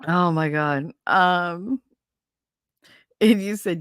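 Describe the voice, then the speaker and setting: A woman's voice: fairly low pitch, expressive, measured pace, a bit bright, no echo, clean studio sound. A middle-aged woman hosting a casual chat, telling stories with lots of laughter and playful swearing. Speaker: host.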